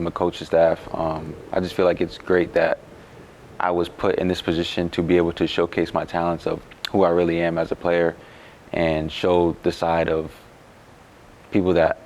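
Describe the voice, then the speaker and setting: A young adult man who plays college basketball answers interview questions, his voice sitting low. He sounds relaxed but halting, leaning on lots of fillers, and there's a faint hiss or hum in the recording.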